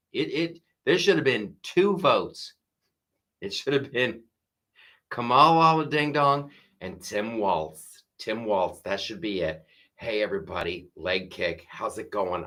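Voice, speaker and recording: A middle-aged man holds forth in a loose, rambling comedy monologue, often restarting his sentences. His voice is bright and forward, and his tone stays sarcastic and offhand. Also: medium pitch. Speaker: comedian podcast host. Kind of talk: casual monologue.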